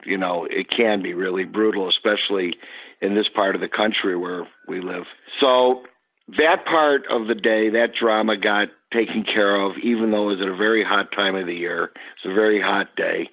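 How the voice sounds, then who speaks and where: A man, a guest on the podcast, telling an animated story about his past work. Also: fairly low pitch, moderate pace. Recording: tinny phone line.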